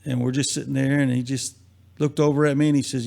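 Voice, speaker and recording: A man's voice: mid-range voice, little pitch movement, quick pace, creaky, a little mellow. A man on a live talk stream, telling a long casual anecdote and acting out the quotes, rambling and repeating himself. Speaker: guest. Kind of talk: casual storytelling.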